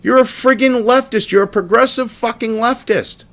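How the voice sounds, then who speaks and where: A man's voice: very high voice, moderate pace, fairly bright tone. A man hosting a commentary show, ranting profanely and mocking a statement as he reads it aloud.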